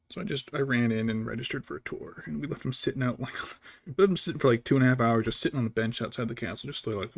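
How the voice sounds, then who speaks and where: A man's voice: medium pitch, fast. A young adult man chatting casually while painting miniatures, telling rambling, profane stories. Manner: profane, rambling storytelling with mocking impressions.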